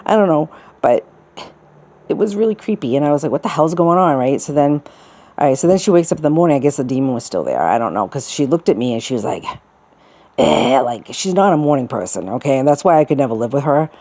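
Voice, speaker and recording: A woman's voice: rumbling low, very animated, quick pace, mellow. A middle-aged woman telling a personal story in a casual, rambling way, full of restarts and fillers. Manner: rambling, many restarts and fillers, quotes people in put-on voices.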